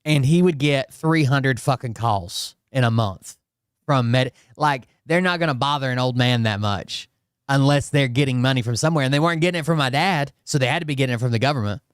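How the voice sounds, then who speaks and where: A man's voice: mid-range voice, a little fast, clear, resonant tone, no echo, clean studio sound. A man giving casual reaction commentary, blunt and profane, often restarting his sentences.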